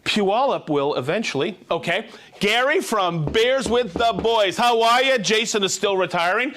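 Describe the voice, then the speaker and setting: Brief: male live-stream host, high-pitched, upbeat and jokey, rattles off viewer shout-outs. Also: animated, slight background noise. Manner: upbeat, quick, jokey, greets viewers by name and town.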